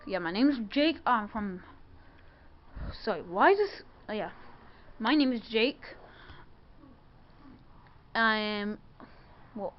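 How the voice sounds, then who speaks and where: A woman voicing an excitable, boastful toy bird who stumbles over his words and bursts into shouting, in a muffled home video. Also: mid-range voice, slight background noise, voice pushed down.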